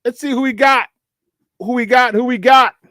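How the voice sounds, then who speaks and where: Playful high-voiced Chicago radio host. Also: male voice, moderate pace, dry recording. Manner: playful, animated, riffing with asides. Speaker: sports talk show host. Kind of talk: live-stream show intro, promos.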